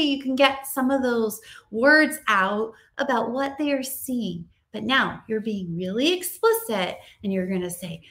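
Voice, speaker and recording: An upbeat, chatty woman teacher gives a casual training talk to fellow educators. Her voice sits a bit on the high side. She keeps things friendly and conversational. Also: lively intonation, unhurried, fairly bright tone. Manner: upbeat, chatty, acts out classroom dialogue. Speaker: early-grades teacher giving teacher training.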